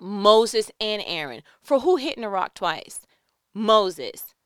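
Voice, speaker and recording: Smooth-voiced woman preaching. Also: medium pitch, slow pace, no echo, studio quality. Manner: animated, talks straight to listeners with rhetorical questions. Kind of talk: conversational sermon.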